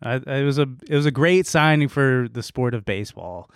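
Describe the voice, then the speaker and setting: A man's voice: medium pitch, fairly quick, clean tone, no room sound, clean studio sound. A young man co-hosting a podcast in casual chat, offhand and teasing. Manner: relaxed, offhand, makes teasing predictions. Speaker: podcast co-host.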